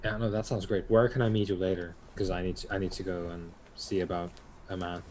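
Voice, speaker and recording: A man playing a tabletop role-playing game, talking in hesitant, halting restarts. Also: low voice, little pitch movement, darkish tone, slight background noise. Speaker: player. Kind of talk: in-character tabletop play.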